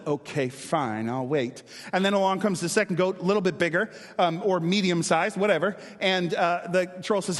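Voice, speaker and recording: High-voiced joking pastor. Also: male voice, fairly bright tone, long reverb tail. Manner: conversational, joking, questions the congregation. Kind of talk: sermon.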